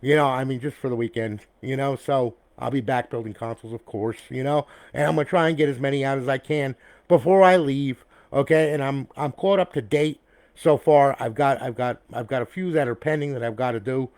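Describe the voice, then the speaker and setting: Rambling, chummy console builder, dry close sound. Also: male voice, medium pitch, brisk, darkish tone, no room sound. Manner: rambling, checks in with "okay?" and "all right?" after nearly every point; blunt and profane, chummy with his viewers. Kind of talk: casual talk to camera about a finished build. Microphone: external mic, replacing the camera's built-in one.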